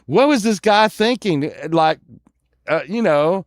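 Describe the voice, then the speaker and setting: A man's voice: high-pitched, animated, slow pace, clean tone, no room sound, clean studio sound. A middle-aged man rambling through a crude childhood story, often laughing at it. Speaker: vlogger telling a childhood story.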